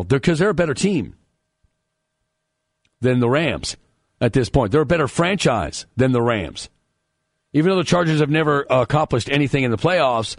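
A man hosting a sports talk radio show, chatty and animated, joking about his co-host while giving his takes on the news. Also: medium pitch, no room sound, studio quality.

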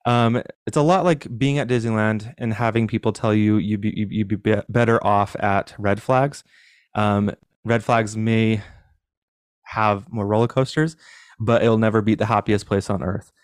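Low-voiced young male guest, smooth clean tone, dry close sound, candid and reflective. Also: fairly even intonation, moderate pace, no echo. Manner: candid, self-deprecating, reflective. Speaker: podcast guest. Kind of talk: personal storytelling in interview.

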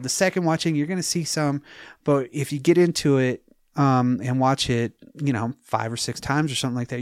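A man's voice: medium pitch, no echo. Man, casual film chat, swears a lot, acts out scenes, laughs often, dry close sound.

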